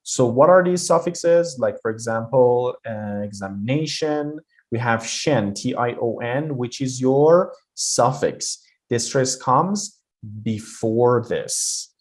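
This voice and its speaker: A man teaching a video lesson on English pronunciation. He speaks in a casual, encouraging way, explains step by step, and pauses on fillers. His voice sits at an average pitch. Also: darkish tone.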